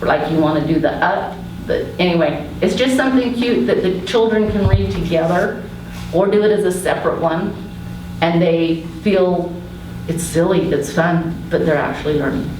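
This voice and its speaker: A woman's voice: on the low side, normal speed. Woman presenting in an echoey classroom. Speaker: education student presenting. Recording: echoey classroom, distant mic, faint noise.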